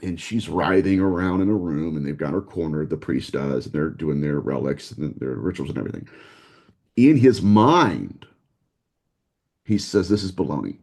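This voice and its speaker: Deep-voiced man telling a story animatedly. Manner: animated, fast storyteller who acts out quotes. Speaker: guest researcher. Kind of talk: casual storytelling in a podcast conversation.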